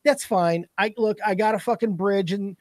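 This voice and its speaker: High-voiced man telling profane stories. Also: normal speed, no room sound, studio quality. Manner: profane, animated storytelling. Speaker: podcast guest. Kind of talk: casual podcast chat.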